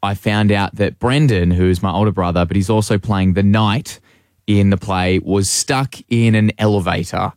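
Young man, animated storytelling, lowish voice, dry studio. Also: normal speed, dry recording. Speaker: guest, play director. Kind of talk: casual radio chat, storytelling.

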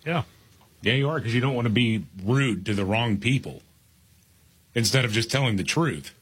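A man's voice: medium pitch, animated, normal speed, fairly bright tone, slightly rough. A man on a casual panel chat making dry, wry remarks.

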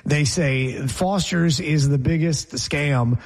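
A man co-hosting a radio show, telling stories in quick, joking banter with playful asides. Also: on the high side. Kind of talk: casual banter.

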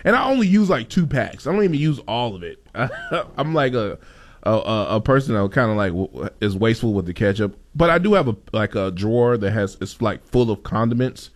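A man's voice: very animated, brisk. A man chatting casually on a podcast, telling a funny story with lots of laughter and self-interruptions. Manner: laughing storyteller, jumps into high put-on voices. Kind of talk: casual chat.

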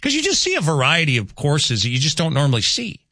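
A man's voice: a little high, wildly swooping pitch, fast talker, sharp tone, dry recording. Chatty male radio host, dry studio. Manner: chatty, rambling, self-correcting. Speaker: radio talk show host. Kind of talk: casual radio chat with callers. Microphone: studio microphone.

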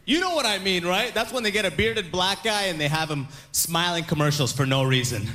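Young man in his stand-up set, a fairly high voice, animated delivery with quoted characters. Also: brisk. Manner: animated, acts out quoted voices, laughs through lines. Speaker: stand-up comedian.

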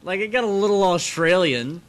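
High voice guy kinda unsure, playful, casual chat with the host. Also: lively intonation, normal speed. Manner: hesitant, playful.

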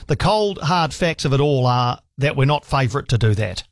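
A man's voice: mid-range voice, animated, normal speed, no echo. A man with a New Zealand accent hosting a talkback radio show, chatting casually with callers and reading out listener emails. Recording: dry studio sound with faint music.

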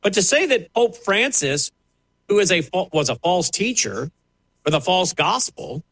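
A man's voice: sits high, very animated, measured pace, a bit bright, no room sound, low-quality recording. A man giving pointed, sarcastic opinion commentary on air, talking in a loose conversational way. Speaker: radio commentator.

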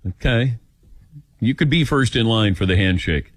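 An older man hosts a call-in radio show, with a voice that swings widely in pitch as he tells stories and acts out what people said. His sound is close and dry, with no room around it. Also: normal speed, no room sound. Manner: animated storytelling, acts out quotes. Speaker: radio talk show host.

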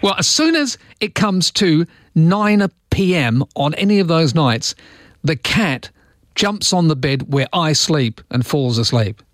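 A man's voice: a little high, lively intonation, measured pace, fairly bright tone, no echo. Joking male radio host, dry studio sound. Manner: self-mocking, joking. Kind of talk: casual on-air chat. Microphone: studio microphone.

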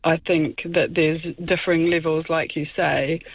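A woman's voice: deep voice, flat delivery, unhurried, creaky, breathy edge, dry recording. A woman calling in to a radio show, speaking thoughtfully with some hesitation. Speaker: caller. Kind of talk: casual phone-in chat. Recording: tinny phone line.

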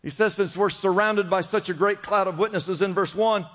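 A man preaching a sermon to a congregation, calling out to the crowd and swinging between loud emphasis and quiet drops. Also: sits high, fairly even intonation, quick pace. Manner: preaching with call-and-response, rising and dropping emphasis. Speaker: pastor. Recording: long reverb of a large hall.

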